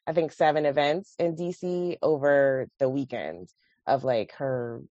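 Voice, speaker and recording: Deep-voiced woman on a dull line. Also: measured pace, mellow, no echo. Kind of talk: casual chat.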